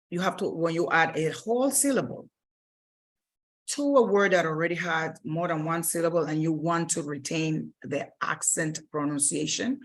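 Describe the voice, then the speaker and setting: A woman teaching Spanish grammar in a recorded lesson, explaining patiently step by step and often stopping to rephrase. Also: low-pitched.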